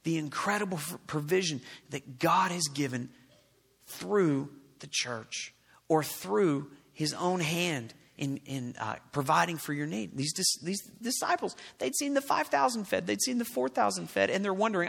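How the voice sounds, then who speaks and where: A man's voice: high voice, normal speed, vocal fry, a bit bright, breathy edge. A male pastor preaching a sermon to his congregation, reading scripture aloud and putting questions to the listeners. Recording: long reverb of a large hall.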